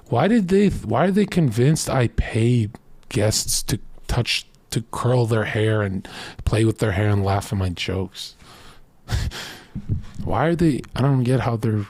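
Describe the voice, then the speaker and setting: A man's voice: mid-range voice, lively intonation, darkish tone, dry recording. A man streaming casual commentary, brash, crude and boastful as he reacts to a thread and lectures his viewers. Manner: lectures with quick put-on voices in his stories.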